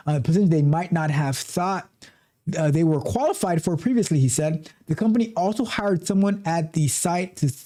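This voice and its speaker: A man with a mellow, warm voice hosts a livestream, reading an article aloud. He stumbles and restarts often and keeps breaking off into animated, chatty asides. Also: on the high side. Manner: animated asides, frequent restarts and repeated words. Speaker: livestream host.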